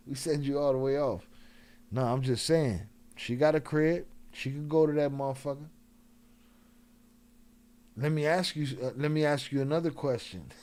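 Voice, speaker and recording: A man's voice: mid-range voice, unhurried, long pauses, a little mellow. A man hosting a live stream in loose, joking slang, laughing often, a few drinks in. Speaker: livestream host. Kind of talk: casual live-stream chat.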